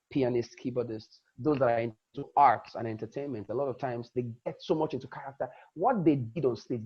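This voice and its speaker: A man gives a public speaking lesson in a husky voice. He stresses words to show his point, dropping soft and rising loud again. The recording sounds dull and lo-fi. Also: mid-range voice. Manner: demonstrative, dramatically shifts emphasis and loudness. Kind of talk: lecture.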